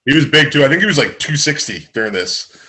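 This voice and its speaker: A young man, a guest telling stories in a relaxed, rambling way and laughing along. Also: medium pitch, quick pace. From Canada. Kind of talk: casual storytelling.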